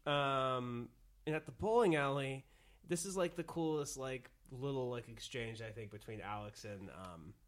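A young man co-hosting a movie review podcast in a relaxed, rambling casual chat. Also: mid-range voice, normal speed. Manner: relaxed, rambling, lots of fillers like "like" and "uh".

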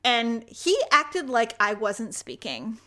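A woman's voice: fairly high pitch, slow. A woman co-hosting a podcast, chatting casually and telling an embarrassing story with lots of laughter and acted-out quotes. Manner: animated storyteller, laughs often, acts out quotes. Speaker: podcast co-host. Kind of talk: casual chat.

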